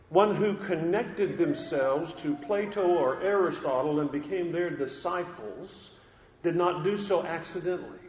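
A man with a fairly high voice delivers an earnest, deliberate sermon, often doubling back on his words. The recording is dull and muffled, with a long echo from a large church hall. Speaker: pastor. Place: church sanctuary with a congregation.

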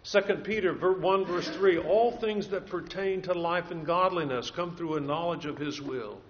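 Man, preacher, earnest sermon, repeats phrases, slightly high voice, muffled lo-fi sound. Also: normal speed, a little hiss or hum. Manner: earnest, repeats key phrases, occasional restarts. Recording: dull lo-fi sound.

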